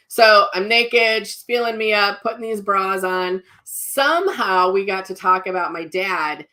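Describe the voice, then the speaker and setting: A woman's voice: mid-range voice, measured pace, hardly any pauses, sharp tone. A middle-aged woman, a psychic medium telling personal stories in a casual, rambling way, full of restarts and asides. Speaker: psychic medium and spiritual teacher.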